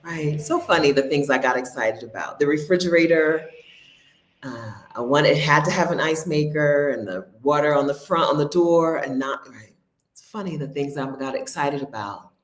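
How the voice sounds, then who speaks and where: A woman's voice: low-pitched, moderate pace, reverberant. A woman, chatting casually and laughing with her viewers during a livestream from her home. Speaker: host. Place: home near her refrigerator.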